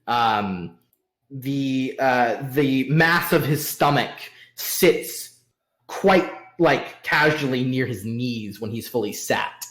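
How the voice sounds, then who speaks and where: A man's voice: mid-range voice, lively intonation, slow pace, a bit bright. A man acting as game master, describing the scene in a hesitant way with many fillers. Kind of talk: narrating a tabletop game.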